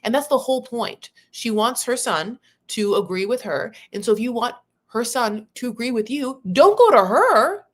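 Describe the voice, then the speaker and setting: Lady rambling through reality tv gossip, blunt and swears a bit, pretty average pitch. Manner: chatty, opinionated, swears casually. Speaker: reality TV commentator. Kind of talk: casual commentary.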